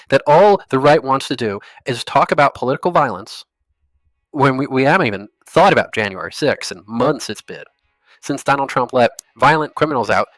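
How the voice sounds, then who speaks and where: A man's voice: mid-range voice, fairly bright tone, no room sound. A man giving angry, profane political commentary, ranting in a furious tone.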